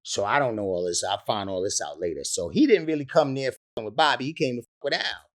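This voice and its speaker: A man's voice: mid-range voice, expressive, fairly quick. A man, a rapper telling stories in an interview, profane and laughing often. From the Bronx, New York. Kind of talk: animated storytelling in an interview.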